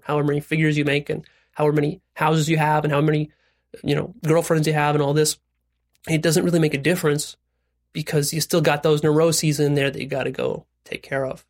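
A man's voice: a little high, vocal fry. A man hosting a self-help video, talking bluntly to the viewer and leading repeat-after-me affirmations. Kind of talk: direct-to-camera self-help talk.

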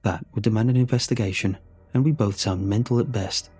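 A man narrating a first-person horror story in a hushed, measured, shaken way. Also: lowish voice, steady tone, breathy edge.

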